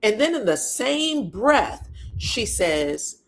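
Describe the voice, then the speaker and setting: A woman talking through reality TV gossip in a sassy, expressive way. She peppers her recap with rhetorical questions and blunt, unfiltered asides, keeping it loose and conversational. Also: fairly high pitch, slow pace. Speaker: reality TV commentator. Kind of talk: casual reality TV recap commentary.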